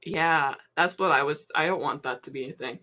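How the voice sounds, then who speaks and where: A woman's voice: low-pitched, moderate pace, crowd noise. A young woman co-hosting a podcast, giggly and riffing in casual chat. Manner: giggly, animated, silly riffing. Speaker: podcast co-host.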